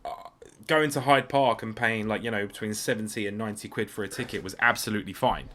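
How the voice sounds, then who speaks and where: A man's voice: fairly low pitch, fast talker, a bit bright. A man co-hosting a podcast, chatting casually and animatedly, swearing freely and laughing often. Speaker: podcast co-host. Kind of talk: casual chat.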